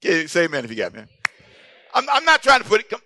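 A man's voice: high-pitched, huge pitch swings, very fast, sharp tone, no echo. A man preaching a sermon as pastor, playful and calling out to his congregation for responses.

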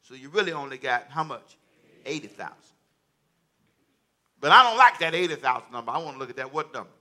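A man's voice: mid-range voice, lively intonation, brisk, sharp tone. A male pastor preaching a sermon in church to a congregation, with folksy, repetitive phrasing and call-and-response.

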